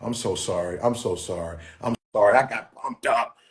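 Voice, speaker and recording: A man's voice: fairly low pitch, moderate pace, echoey room. A man hosting a motivational livestream, preaching in a fiery, exclamatory way and repeating his phrases. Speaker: host.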